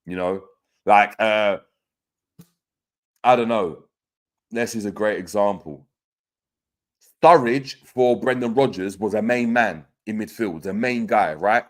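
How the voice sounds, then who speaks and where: Deep-voiced man chatting football. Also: takes it slowly, long pauses. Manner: conversational, many fillers and restarts, reads out comments. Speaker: football podcast host. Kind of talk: casual live-stream chat reading viewer comments.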